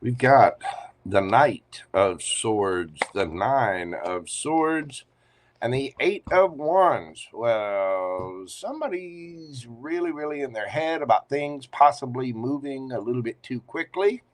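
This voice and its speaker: A man's voice: medium pitch, animated, slow pace. Chatty playful man reading tarot. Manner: chatty, playful, teasing asides. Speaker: tarot reader. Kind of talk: live tarot reading stream.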